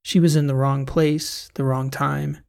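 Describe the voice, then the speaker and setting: A man giving scripted, measured narration of a sci-fi audiobook. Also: mid-range voice, level tone, vocal fry, a little mellow.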